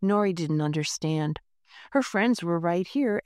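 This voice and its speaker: A woman narrating a children's storybook in a gentle, unhurried reading voice, lightly voicing the characters. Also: lowish voice, lively intonation, dry recording, clean studio sound. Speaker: audiobook narrator.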